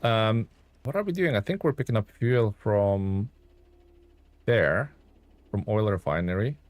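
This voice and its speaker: A man's voice: lowish voice, no room sound. A man live-streaming a truck game, chatting to viewers, thanking them and thinking aloud with ums and chuckles. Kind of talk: live gameplay stream commentary.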